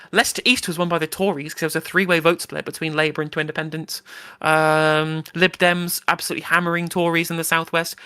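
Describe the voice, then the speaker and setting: A man co-hosting a live stream, speaking in a brisk, emphatic way in casual political chat. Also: fairly high pitch, sharp tone.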